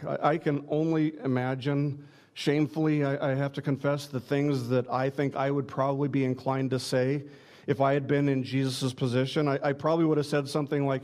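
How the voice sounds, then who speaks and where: A man's voice: mid-range voice, a little mellow. A man preaching a sermon, earnest and direct, often restarting words with small stammers as he presses his points. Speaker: pastor.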